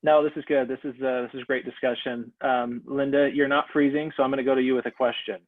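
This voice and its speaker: Male panel host, relaxed, halting, lots of fillers, tinny distant call audio. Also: mid-range voice, no echo. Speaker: host, moderator. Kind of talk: moderating a video panel. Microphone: video call.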